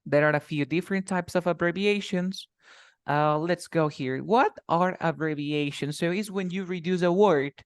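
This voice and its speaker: Spanish-speaking English teacher, dry sound. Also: male voice, on the high side, normal speed, clear, resonant tone, dry recording. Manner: explains with many examples and repeats himself. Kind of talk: casual online lesson.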